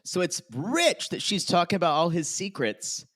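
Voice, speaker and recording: A man co-hosting a podcast, chatting casually about reality TV and laughing often. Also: high-pitched. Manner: giggly, animated, drawn-out delivery. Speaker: podcast co-host.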